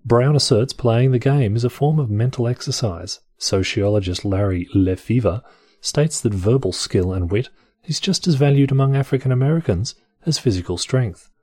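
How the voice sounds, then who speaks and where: A man with a husky voice reading a text aloud for comedy, adding wry, sarcastic asides. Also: mid-range voice, normal speed, mellow, no room sound, studio quality.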